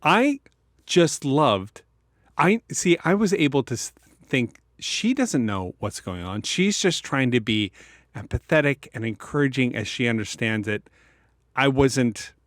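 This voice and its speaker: A man's voice: medium pitch, measured pace, no echo, studio quality. A Canadian man co-hosting a podcast, telling personal stories with a stutter and repeated sounds from Tourette's, acting out the people in them. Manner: animated, acts out voices in stories. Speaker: podcast co-host. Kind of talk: personal storytelling in casual chat.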